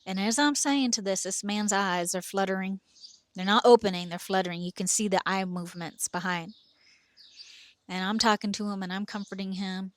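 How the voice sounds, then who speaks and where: A woman's voice: mid-range voice, a bit bright, no echo. A middle-aged woman telling a personal story in a vivid, earnest present-tense voice. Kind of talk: personal story told to camera.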